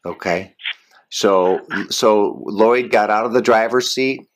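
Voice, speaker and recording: A man's voice: on the low side, slow. A man interviewing an eyewitness over the phone, asking careful questions in a hesitant way, with many fillers.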